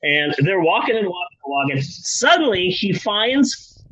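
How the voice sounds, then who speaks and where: A man retelling history for comedy in a casual, profane, animated way. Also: high voice, a little slow, highs cut off. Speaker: comedy storyteller.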